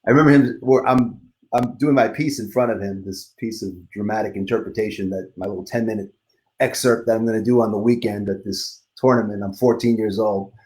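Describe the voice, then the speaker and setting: A man's voice: on the low side, steady tone, brisk, darkish tone. A middle-aged man from Queens with a faded New York accent, a guest musician chatting casually and telling stories with frequent laughs. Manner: chatty storyteller, laughs often. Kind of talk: casual conversation.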